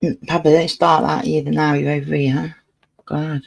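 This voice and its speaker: A woman's voice: sits low, little pitch movement, normal speed, vocal fry, rough recording. A woman casually chatting on her livestream, swearing freely and scolding her cat as she talks. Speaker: livestream host.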